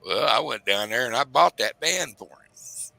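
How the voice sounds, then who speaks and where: Middle-aged man, bright forceful voice, dry close sound, rambling storyteller. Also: medium pitch, lively intonation, normal speed, vocal fry, no echo. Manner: rambling Southern-drawled storytelling, quoting his parents in raised voices. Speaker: host telling a story. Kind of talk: casual storytelling chat.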